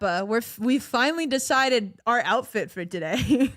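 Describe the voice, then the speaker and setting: A woman's voice: a little high, animated, moderate pace, a bit bright, no room sound, studio quality. A woman chatting casually on a live stream, playful and giggly, laughing often, her voice cracking. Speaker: livestreamer.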